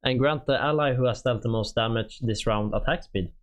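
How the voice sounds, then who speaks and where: This man, a native Swedish speaker with a Swedish accent, reads game units aloud on a stream. His delivery is casual and halting, packed with fillers, in a mid-range voice.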